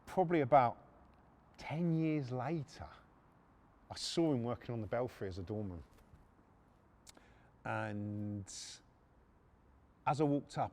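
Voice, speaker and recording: A man's voice: medium pitch, slow, long pauses, darkish tone. A middle-aged man, telling crude, profane stories on his podcast with lots of fillers. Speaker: podcast host. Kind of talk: anecdotal storytelling.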